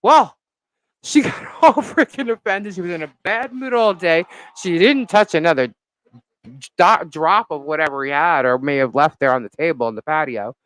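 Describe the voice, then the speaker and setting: A woman's voice: sits low, moderate pace, poor audio. Indignant woman ranting on a live stream. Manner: animated, indignant storytelling with many fillers. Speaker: vlogger. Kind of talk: live-stream gossip rant.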